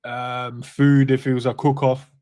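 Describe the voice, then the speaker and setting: A man's voice: mid-range voice, little pitch movement, a little slow, warm tone, no room sound, clean studio sound. A man, co-hosting a casual live chat, laid-back and laughing often. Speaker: co-host.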